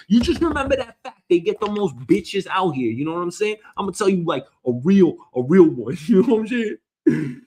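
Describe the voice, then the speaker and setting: A man's voice: high-pitched, sing-song, normal speed, darkish tone, breathy edge. A man hosting a solo comedic news show, rambling and swearing as he argues with an imagined listener. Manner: rambling, profane, mock-arguing with the listener. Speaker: host.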